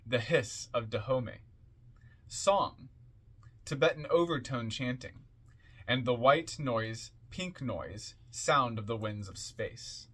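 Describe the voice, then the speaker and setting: A man reading passages from an occult book aloud in a measured, deliberate way, with offhand asides in between. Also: mid-range voice, lively intonation, fairly bright tone.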